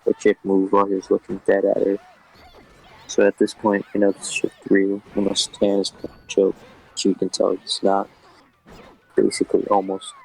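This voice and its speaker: A man reading a scary story aloud in a casual, flat delivery, swearing often. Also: on the low side, creaky, slightly rough, poor audio.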